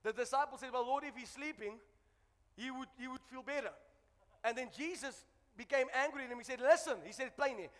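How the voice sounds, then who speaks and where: A man preaching a sermon as pastor to his congregation, building to shouted exhortations and dropping to chatty asides. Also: extremely high pitch, big-room sound. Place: church.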